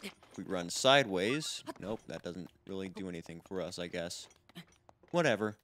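A man's voice: low-pitched, animated, moderate pace, a bit bright, a little hiss or hum. A man hosting a video game let's play, rambling casually and joking at his own expense while talking to his viewers. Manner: rambling, self-deprecating, talks to viewers. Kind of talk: casual gameplay commentary. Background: game music.

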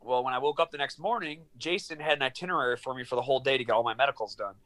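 A man in his thirties on a video call from his small studio apartment, telling a long story in an animated, profane way and acting out the dialogue. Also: medium pitch, racing. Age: 30s. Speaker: guest, professional fighter. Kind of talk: casual storytelling interview.

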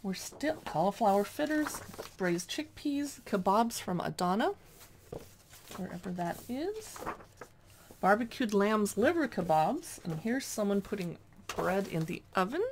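Flipping through a cookbook in a relaxed review, this chatty woman calls out recipe names and slips in brief side comments. She sounds very animated, her gravelly voice jumping all over in pitch, while a faint background noise hums along.

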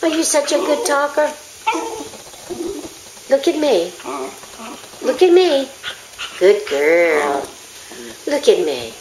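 A woman's voice: high-pitched, very animated, slow, long pauses, darkish tone, a little hiss or hum. A woman filming her pet dog at home, coaxing it in sing-song baby talk and praising it. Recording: echoey room.

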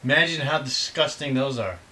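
Animated and fairly quick, this medium-pitched man has a bright, forceful tone, though the audio quality is poor. He's a middle-aged father from the US running a casual snack-tasting video. He rambles and teases with dry humor.

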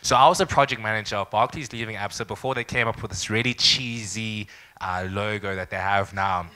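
A young man from South Africa telling a lively personal story to an audience at a startup event, acting out the people he quotes. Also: fairly low pitch, brisk, clear, resonant tone. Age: young adult. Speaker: startup founder speaker.

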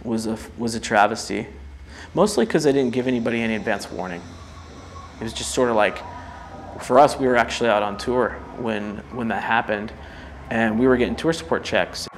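A man in an interview, speaking haltingly with regret. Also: mid-range voice, slight background noise.

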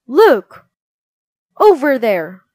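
Angry soldiers bellow at the children, as a woman reads them aloud. The voice is loud and blunt, with a slow pace. The sound is close and dry. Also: fairly high pitch, expressive, dry recording. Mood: shouting. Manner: loud, barking orders. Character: shouting angry male soldiers.

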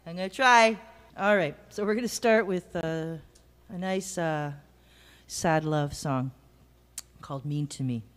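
A woman's voice: low voice, unhurried, long pauses, long reverb tail. A woman from Canada, a jazz singer, bantering playfully between songs with self-mocking asides. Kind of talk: stage banter. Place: jazz club stage. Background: live band instruments.

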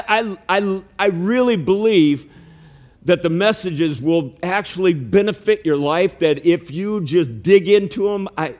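Man, pastor, church sermon, earnest, animated, unhurried delivery, slightly high voice. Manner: earnest and animated, acts out his flock with high calls. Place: church sanctuary.

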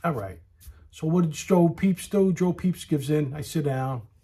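A man's voice: fairly high pitch, a little slow, warm tone, breathy edge. A man telling a story in a casual rant, aggrieved and talking straight to the listener. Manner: aggrieved, talks straight to the listener, repeats himself.

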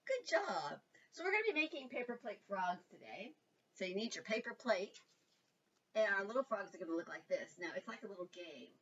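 A woman leading a children's storytime and craft lesson, animated and sing-song, talking directly to small children. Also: mid-range voice, normal speed, husky, recorded from a distance, lo-fi sound. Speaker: children's librarian.

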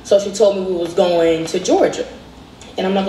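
A young woman's storytime plays as a clip inside a reaction video, sounding echoey and distant with slight background noise. She speaks conversationally at a brisk pace, with a medium-pitched, dark voice. Retelling a personal story, she acts out the people in it and reproduces their dialogue.

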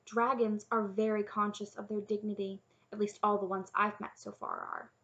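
A woman's voice: medium pitch, very animated, normal speed, a bit bright, lo-fi sound. A woman doing a firm, practical young princess. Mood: firm, matter-of-fact. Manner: firm and matter-of-fact.

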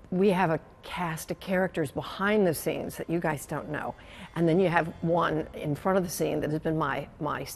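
A woman's voice: deep voice, gravelly, a little hiss or hum. A woman in her sixties, a longtime TV news anchor, telling stories in a reflective, emotional conversational interview and often repeating her phrases. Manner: animated, emotional storyteller who repeats phrases.

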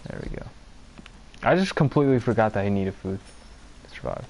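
Gravelly, exasperated young man gaming. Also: fairly low pitch, animated, fairly quick, long pauses, darkish tone. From Pennsylvania. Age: young adult. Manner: exasperated, profane, rambling. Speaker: streamer. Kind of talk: casual gameplay commentary.

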